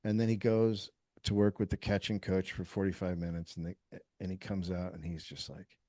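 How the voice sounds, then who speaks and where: Low-voiced man telling a rant, profane. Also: moderate pace, no room sound, clean studio sound. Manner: animated, profane, acts out quotes. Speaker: comedian guest. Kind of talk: casual podcast chat, storytelling.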